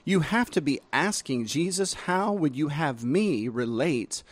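A man, a pastor, chatting casually on a podcast in an animated, playful way. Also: fairly high pitch. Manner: animated and playful, reads quotes slowly.

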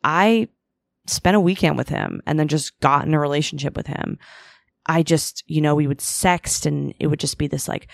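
A woman hosts a solo podcast, delivering a frank, profane, self-deprecating confessional about her relationships and sometimes voicing, in quotes, what she used to think. Her voice sits low with vocal fry at a moderate pace, and there's no room sound.

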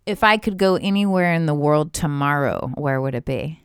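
A woman co-hosting a casual chat, playful and quick to laugh. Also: sits low, slight background noise. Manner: giggly, playful, laughs often. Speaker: podcast co-host.

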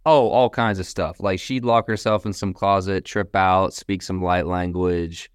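A young adult man, a company founder, telling stories in a casual interview with a relaxed, chatty manner, tossing in "man" and "bro" and laughing between stories. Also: low voice, unhurried, clear, resonant tone, no echo, clean studio sound.

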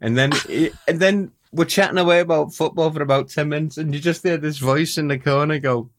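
A man with a Liverpool accent, a war photographer telling animated anecdotes as a guest and laughing often. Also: on the high side, a little fast, slight background noise. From Liverpool, England. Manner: animated storyteller who laughs often and acts out voices.

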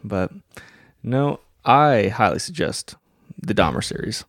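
Deadpan teasing man. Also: lowish voice, slow pace, no room sound, studio quality. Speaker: podcast co-host. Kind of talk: casual chat.

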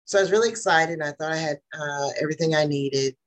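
Low-voiced hesitant woman guest. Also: fast talker. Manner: rambling, hesitant, many fillers. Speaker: guest, former program member. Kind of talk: casual chat. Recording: faint background noise.

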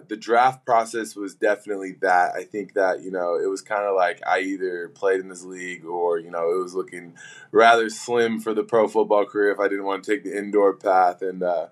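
Animated young man telling stories. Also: low-pitched. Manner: animated, filler-heavy anecdote telling. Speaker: guest, pro football player. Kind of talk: casual storytelling.

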